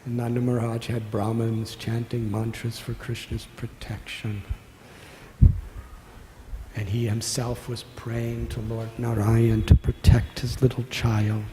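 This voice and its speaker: A man in his sixties from the United States telling a devotional story in a sermon, slow and tender, voicing its characters. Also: medium pitch, warm tone, a little hiss or hum. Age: 60s. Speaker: monk giving a spiritual discourse. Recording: echoey hall with faint ambience.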